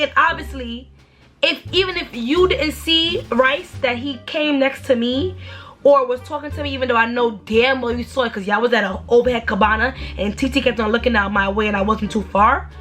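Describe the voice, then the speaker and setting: A young woman telling a storytime in a blunt, animated, slangy way, with sudden high exaggerated outbursts. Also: normal speed, faint music behind. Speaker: storytime vlogger. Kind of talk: casual storytime rant.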